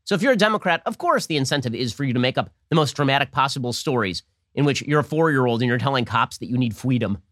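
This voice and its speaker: A man's voice: mid-range voice, animated, fairly bright tone, no echo, studio quality. A man hosting a political commentary show, talking in a sarcastic, mocking monologue. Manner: sarcastic, mocking, rapid-fire.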